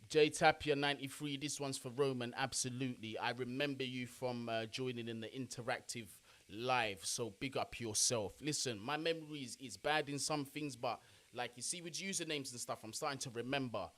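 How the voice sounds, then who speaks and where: A young man, chatting casually on a football watch-along live stream and giving shout-outs to his chat. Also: medium pitch, moderate pace.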